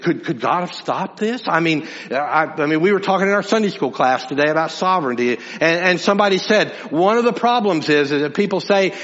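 A man delivers a sermon with a lively, rising and falling voice that lifts high for emphasis and drops to soft asides. His tone sits a little high for a man. The sound carries a long hall reverb and a slightly dull, muffled quality. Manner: animated preaching, swings between loud emphasis and soft low asides. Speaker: pastor.

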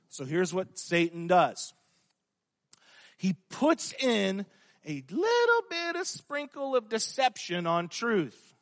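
A man's voice: high-pitched, fairly bright tone. A male pastor preaching a sermon, emphatic and full of rhetorical questions to his congregation. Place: church. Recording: long hall reverb.

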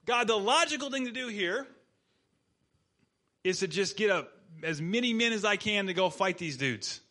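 A man preaching a sermon in a casual, animated storytelling manner as pastor. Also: high voice, normal speed.

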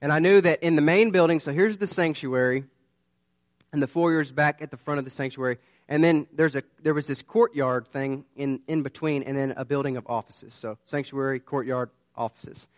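A man's voice: a little high, normal speed, no room sound. A man preaching a sermon. He tells a personal story in an earnest, conversational way and turns it into urgent warnings. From southern United States. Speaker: pastor.

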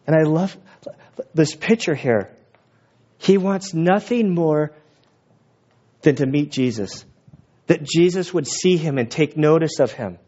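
A man preaching as a pastor, conversational and animated, with quick asides. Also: fairly high pitch, husky. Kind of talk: sermon. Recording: dull lo-fi recording.

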